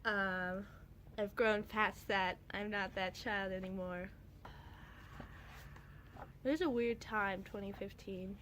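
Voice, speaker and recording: A woman in her twenties reading her old comics aloud to her cat, casual chat with a deadpan, wry manner. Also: medium pitch, slow, pauses often, a little hiss or hum.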